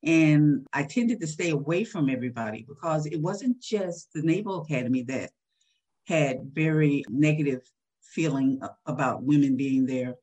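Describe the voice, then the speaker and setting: A woman in her sixties, husky-voiced, recalling a personal story in a candid interview with a soft laugh now and then. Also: sits low, moderate pace, highs cut off. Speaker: guest.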